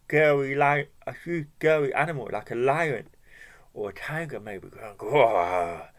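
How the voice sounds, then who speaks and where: A man reading a children's story aloud, stopping to explain words and ask the children questions. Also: medium pitch.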